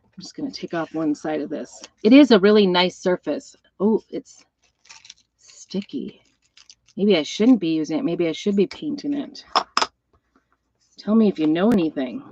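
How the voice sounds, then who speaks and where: A woman's voice: on the low side, expressive, normal speed, warm tone, muffled recording, slight background noise. A middle-aged woman hosting a live craft demonstration, chatting and rambling through stories while she works with her hands. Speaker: craft seller and host.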